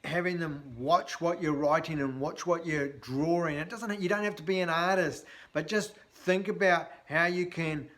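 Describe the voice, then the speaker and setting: A chatty sales coach, a man talking straight to his viewers in a blunt, animated way. His voice sits a little on the high side, and he leans on fillers as he explains. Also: normal speed, hardly any pauses. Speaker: sales trainer. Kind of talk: casual instructional talk to camera.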